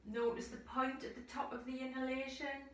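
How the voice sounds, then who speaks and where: A woman leads a yoga session in a slow, soothing voice, letting out audible sighing breaths between her cues. Her voice sits a little high and sounds distant from the mic, with heavy echo from the room around her. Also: flat delivery, fairly bright tone. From United Kingdom. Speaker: yoga teacher. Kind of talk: guided yoga instruction. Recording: echoey room, voice from far off the mic.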